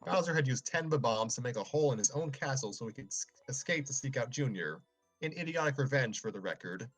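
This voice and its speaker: A man reads a fan story aloud at a mid pitch, with joking asides. He clears his throat often between passages, and faint music plays underneath. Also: animated, brisk, a bit bright, no room sound, low-quality recording. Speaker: story reader and show host.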